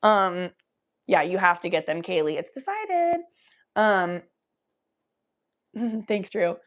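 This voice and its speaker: A young woman hosting a casual livestream, chatting to viewers in a loose, giggly, profane way while high. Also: slow, a bit bright. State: high from smoking weed. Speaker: livestream host. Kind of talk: casual chat reading viewer comments.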